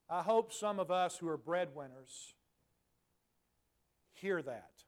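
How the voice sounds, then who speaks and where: A man in his forties preaching a sermon in a conversational way, dropping to soft, emphatic asides. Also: fairly high pitch, expressive, slow. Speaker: pastor.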